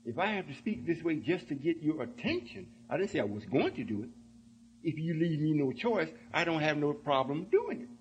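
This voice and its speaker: A man's voice: fairly high pitch, sing-song, fairly quick, darkish tone, lo-fi sound, slight background noise. A man giving an emphatic sermon-style talk to his followers, often checking that they understand. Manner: emphatic, keeps asking "you see?". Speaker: religious speaker.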